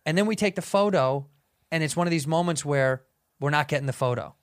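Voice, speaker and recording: A man's voice: on the high side, a little fast, no echo, studio quality. A middle-aged man co-hosting a podcast in casual chat, telling anecdotes and acting out quotes. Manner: chatty, acts out quotes in stories. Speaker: podcast co-host.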